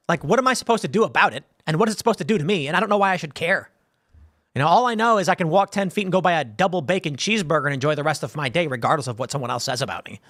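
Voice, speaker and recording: Hosting a live-stream show, a man in his thirties rambles through casual commentary, often restarting in a conversational way. His voice is fairly high and a bit bright, recorded dry at studio quality.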